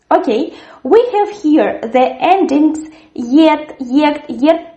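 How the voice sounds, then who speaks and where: A woman teaching a language lesson, articulating words clearly and repeating them for learners. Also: sits high, warm tone, reverberant. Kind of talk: slow, careful language lesson.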